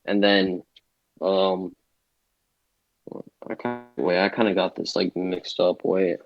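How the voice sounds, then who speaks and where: A man's voice: deep voice, fairly even intonation, slow pace, vocal fry, lo-fi sound, soft background music. A young man arguing in a casual online debate, hesitant, filling his talk with "like" and losing his thread. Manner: hesitant, heavy filler words, loses track.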